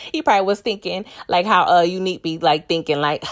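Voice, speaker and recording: A woman's voice: on the low side, big pitch swings, a little fast. A young woman from New York giving a casual, chatty recap of a TV episode, laughing often and talking straight to her viewers. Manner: chatty, laughs often, addresses viewers as "y'all", acts out characters' lines.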